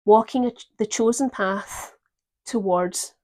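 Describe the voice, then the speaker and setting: A woman giving a gentle, reflective tarot reading, pausing often to think. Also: medium pitch. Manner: gentle, reflective, with pauses and fillers. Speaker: tarot reader.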